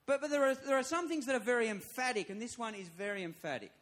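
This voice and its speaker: A man's voice: extremely high pitch, fast talker, fairly bright tone. A man, a church pastor, preaching a sermon, emphatic and repeating his phrases as he builds to raised appeals.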